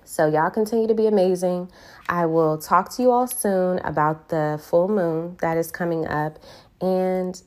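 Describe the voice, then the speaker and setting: A woman's voice: lowish voice, a little mellow. A woman hosting a podcast and talking casually about affirmations, in an earnest, reflective way, stretching out the words she stresses, with a lilt. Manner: earnest, reflective, drawn-out emphasis on key words. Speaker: podcast host. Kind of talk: casual solo podcast talk.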